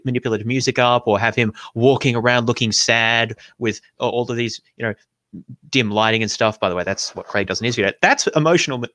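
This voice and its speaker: A man's voice: mid-range voice, fairly bright tone, dry recording, clean studio sound. A man hosting a video, reacting to clips in casual, rambling commentary full of fillers and restarts. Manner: incredulous, laughing. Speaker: host responding to videos.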